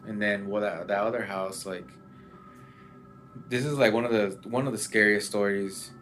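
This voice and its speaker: Man, low voice, casual rambling storyteller, light music underneath. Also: steady tone, moderate pace, fairly bright tone. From Mexican family background. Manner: rambling, many fillers. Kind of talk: casual chat.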